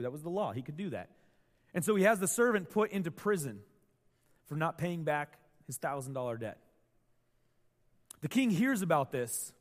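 A man preaching a sermon, telling a Bible story with animated delivery and acted-out quotes. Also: on the high side, long reverb tail. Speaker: pastor.

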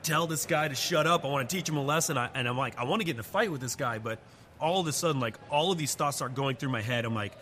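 A man in his forties, a pastor, telling a candid personal story with animated delivery during a church message. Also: medium pitch, fast, a little hiss or hum.

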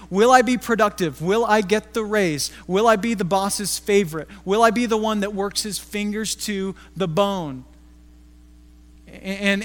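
A man's voice: high-pitched, a bit bright. A middle-aged man preaching a sermon as a pastor, telling stories in a conversational way. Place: church hall. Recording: long reverb of a church hall.

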